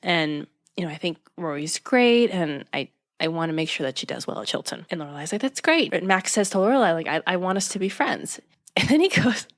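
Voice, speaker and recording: Animated young woman retelling a show. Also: a little fast. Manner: animated retelling, quoting characters in a lowered voice, laughing often. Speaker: podcast co-host. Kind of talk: casual chat recapping a TV episode.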